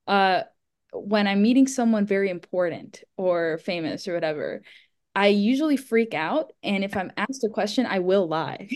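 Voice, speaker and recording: A young woman tells a story in an easy, animated way, laughing often and acting out the voices of the people she met. Her pitch sits in the middle of the usual range. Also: moderate pace. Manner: animated, laughing, quoting others in put-on voices. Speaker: guest, festival volunteer. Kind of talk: casual storytelling chat.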